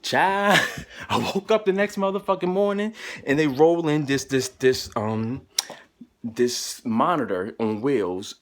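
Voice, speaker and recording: A man telling a personal story in a vlog, animated and profane, jumping into high excited voices when quoting himself. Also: slow pace.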